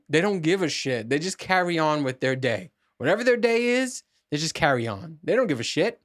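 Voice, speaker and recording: A man's voice: fairly high pitch, lively intonation, a little fast. A man hosting a casual solo podcast monologue, rambling with restarts and frequent swearing. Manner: profane, rambling, with many restarts. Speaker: podcast host.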